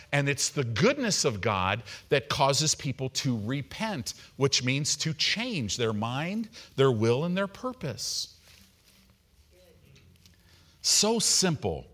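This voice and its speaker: A middle-aged man preaching an evening sermon, animated and conversational, acting out the people he quotes. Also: medium pitch, slightly rough. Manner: animated, acts out quoted voices. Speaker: pastor.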